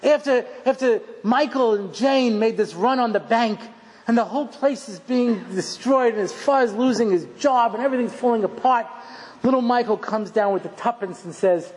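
A middle-aged man giving a rabbi's lecture, telling funny stories in an animated, self-mocking way and acting out scenes. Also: sits high, moderate pace. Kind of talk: humorous storytelling lecture. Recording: long hall reverb, faint background noise.

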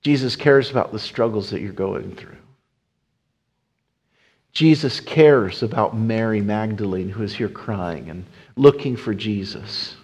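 A man preaching a sermon, rising to emphatic appeals and dropping to soft hushed passages. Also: lowish voice, a little slow, breathy edge. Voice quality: whispers at times. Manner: swells loud and emphatic, then drops to a soft hush.

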